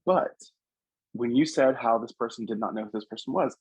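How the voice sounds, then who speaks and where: Earnest man telling stories, husky voice. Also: mid-range voice, a little fast, dry recording, low-quality recording. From Louisiana. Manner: earnest storytelling, animated quoting of others. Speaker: psychic medium guest. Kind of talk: casual interview talk.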